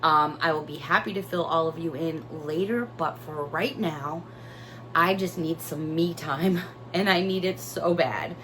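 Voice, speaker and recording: In a deep but fairly bright voice, a woman from New York's Hudson Valley chats unhurriedly through her shopping haul video, with slight background noise. She's talkative and emotional, bubbling over about every item in this casual vlog.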